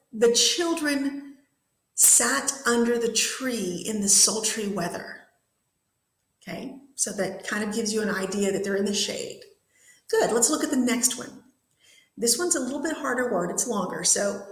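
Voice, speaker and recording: A woman teacher giving a classroom vocabulary lesson, saying new words slowly and with careful enunciation. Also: on the high side. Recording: echoey classroom.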